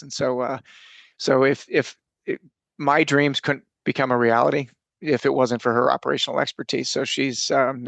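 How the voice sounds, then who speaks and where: A man's voice: mid-range voice, vocal fry, a bit bright, dry recording. A middle-aged man telling personal stories as a podcast guest, earnest and rambling with frequent restarts. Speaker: podcast guest, coach and speaker. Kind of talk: casual interview storytelling.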